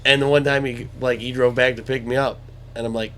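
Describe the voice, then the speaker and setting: A man at an ordinary mid pitch, chatting loosely about hunting as a show host. He tells stories in a laid-back way, over a faint noise floor. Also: little pitch movement, brisk, sharp tone. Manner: storytelling, mimics high sweet voices talking to deer. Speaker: podcast host. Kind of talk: casual hunting chat.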